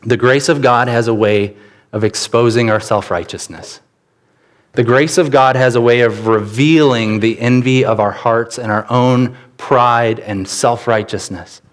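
Pastor guy giving a sermon, mid pitch, gets lively telling stories. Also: measured pace. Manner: animated storytelling with sudden rises in pitch. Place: church.

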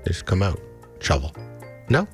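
Man, radio co-host, joking banter, lively pitch, faint music behind. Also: normal speed. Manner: teasing, dry jokes.

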